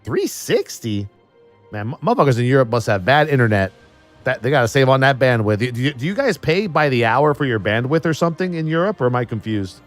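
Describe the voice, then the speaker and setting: A man's voice: mid-range voice, lively intonation, quick pace, soft background music. A man streaming live and riffing in a casual, profane and sarcastic way.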